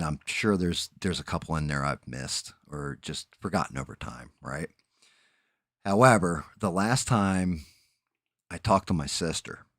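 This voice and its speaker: A man's voice: extremely low pitch, fairly bright tone, dry recording, clean studio sound. A man, telling rambling, profane stories in a casual chat as a stream host. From New Jersey. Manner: rambling, profane, laid-back storyteller.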